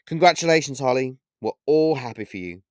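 A man's voice: mid-range voice, animated, a little fast, dry recording, clean studio sound, voice pushed up, lightly acted. A man voicing a jovial bar regular. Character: friendly male bar regular, good-humored.

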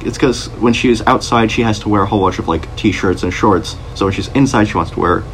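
Male co-host, low-pitched, chatty, short quick asides, faint hiss. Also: poor audio. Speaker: podcast co-host. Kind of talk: casual chat.

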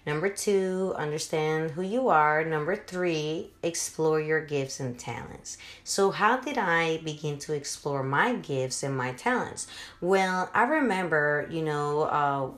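A chatty, heartfelt woman in her thirties hosts a motivational podcast. Her voice sits fairly low and rings with room echo. Her talk is loose and full of filler words. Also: lively intonation, a little slow, a bit bright. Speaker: podcast host. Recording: roomy echo.

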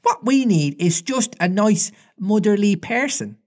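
A self-assured boy leader from a storybook, read by a man who barely lifts his voice. The delivery is lively and confident, rising and falling freely. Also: high-pitched, unhurried, voice pushed up. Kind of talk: storybook reading.

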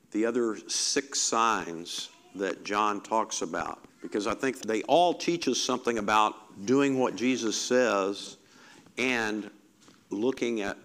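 Man, preacher, relaxed sermon, lowish voice, reflective, repeats phrases.

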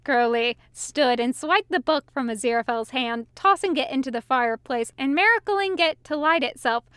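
A woman reading a fan fiction story aloud with measured, expressive storytelling. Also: high voice, clean tone, no echo, clean studio sound. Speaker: reader.

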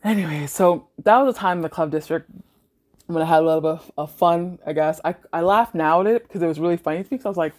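A woman's voice: lowish voice, fast talker, a little mellow. A young woman from Canada hosting a podcast, telling party stories casually, swearing freely and laughing often. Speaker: podcast host. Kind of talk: casual storytelling monologue.

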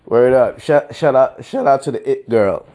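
A man hosting his own solo podcast, talking in a loose, slangy, unhurried drawl. He sounds fed up with his listeners and breaks into mocking outbursts now and then. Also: warm tone. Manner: slangy, exasperated, slow and drawn out with sudden high-pitched mock outbursts. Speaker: podcast host. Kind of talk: casual solo podcast commentary.

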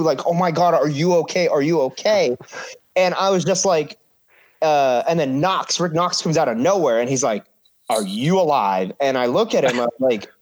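A man in his thirties, a professional wrestler guest, casually telling a story, swearing freely and acting out the quotes. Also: fairly high pitch.

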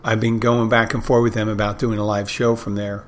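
A man's voice: fairly low pitch, little pitch movement, fairly quick, slight background noise. A middle-aged man hosting a podcast, telling wry, rambling anecdotes in a casual monologue. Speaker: podcast host.

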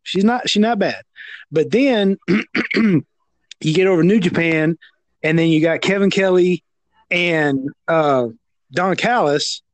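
A man with a Southern American accent talks wrestling in loose, animated podcast banter. His voice sits high and the recording is dry and close, with no room sound. He often stumbles and restarts his sentences. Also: takes it slowly, long pauses, no room sound. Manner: animated, stammering restarts, loud impressions. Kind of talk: casual wrestling chat.

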